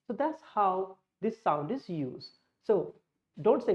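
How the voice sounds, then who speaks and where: Slow woman teaching pronunciation. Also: medium pitch, very animated. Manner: slow, explanatory, models sounds in contrast. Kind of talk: pronunciation lesson with slides. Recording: muffled lo-fi audio.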